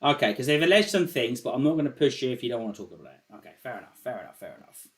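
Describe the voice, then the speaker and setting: A man hosting a call-in show in loose, casual chat. He rambles, curses freely and repeats phrases as he works through a point. His voice sits at an ordinary middle pitch. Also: very animated, racing. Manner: rambling, swears often, repeats himself. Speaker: show host.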